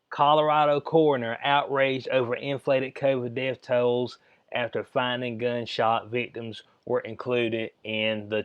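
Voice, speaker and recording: A man's voice: mid-range voice, a bit bright, no echo, lo-fi sound. A man hosting his own channel, ranting in casual slang with exasperated asides. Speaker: channel host. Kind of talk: ranting commentary vlog.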